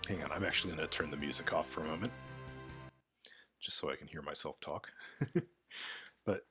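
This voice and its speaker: A man's voice: rumbling low, normal speed, long pauses, sharp tone, faint music behind. Hesitant man, casual game commentary. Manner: hesitant, full of fillers. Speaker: let's play commentator.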